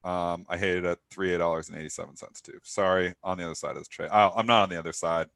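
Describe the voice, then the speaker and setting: Man, low voice, animated, dry close sound, casual trading talk. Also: quick pace, vocal fry, no room sound. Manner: animated, laughing, goes high when excited. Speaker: co-host and trader. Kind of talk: casual market talk show chat.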